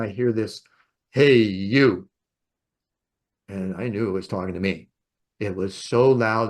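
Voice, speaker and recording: A man hosting a podcast, telling a personal story in a rambling, reflective way with soft laughs. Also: lowish voice. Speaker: podcast host. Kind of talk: reflective storytelling in casual conversation.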